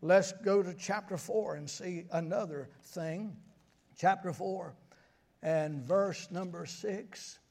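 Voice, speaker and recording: An older man preaching a sermon, moving between quiet asides and sudden high, shouted emphasis. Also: slow pace, gravelly.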